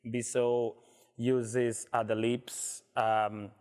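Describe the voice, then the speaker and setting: A man, a musician guest, talking in a casual interview in halting English full of small pauses and fillers. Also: mid-range voice, flat delivery, darkish tone.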